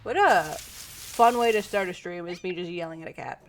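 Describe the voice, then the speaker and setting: A woman streaming, chatting casually with her viewers and breaking off to yell at her cat. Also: lowish voice, moderate pace. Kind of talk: casual live-stream chat. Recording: distant mic with noise.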